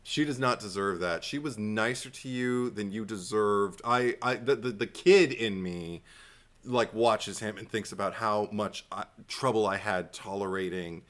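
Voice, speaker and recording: A man's voice: on the low side, measured pace, a bit bright. A man co-hosting a podcast, chatting casually about a horror movie, laughing often and acting out lines from it. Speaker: podcast co-host. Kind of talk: casual movie critique chat.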